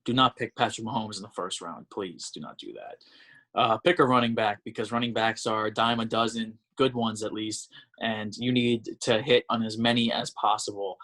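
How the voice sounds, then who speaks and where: A man's voice: on the low side, fairly even intonation, normal speed, fairly bright tone. A man hosts a laid-back sports podcast. He lays out his predictions with firm, emphatic conviction and moves the show along by reading listener questions. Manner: confident, emphatic picks. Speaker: podcast host. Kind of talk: casual sports podcast talk.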